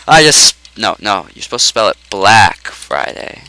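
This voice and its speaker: Man, let's play commentary, goofy and excitable, slow drawn-out talk, bright voice. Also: mid-range voice, dry recording, poor audio. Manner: goofy, excitable, yells and jokes at the game. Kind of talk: casual gameplay commentary.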